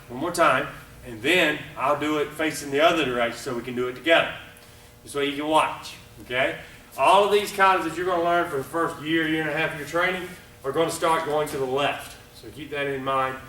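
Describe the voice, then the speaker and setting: Karate instructor counting in an echoey hall. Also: male voice, on the high side. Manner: counts moves aloud, loud and energetic. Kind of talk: live class instruction. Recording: echoey room, mic far off, faint noise.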